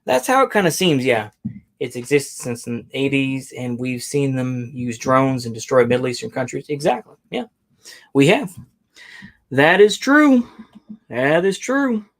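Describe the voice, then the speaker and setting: A man's voice: medium pitch, very animated, moderate pace. A man hosting his own channel who rants in a loose, rambling way, circling back with "you know, once again" and trailing off with sighs. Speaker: online host. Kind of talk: casual rant.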